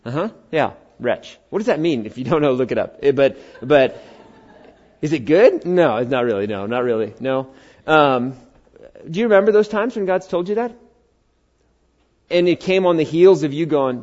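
The highs are cut off in this recording of a middle-aged pastor preaching in church. His voice is a little high and a little mellow, animated, at normal speed. Chatty and conversational, he trades jokes and banter with the congregation and performs quoted speakers in character voices.

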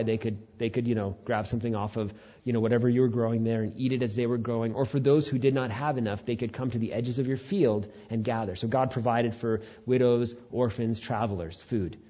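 A man preaching a sermon as a pastor, animated, acting out quotes with sudden high jumps in pitch before dropping low and quiet. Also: muffled recording.

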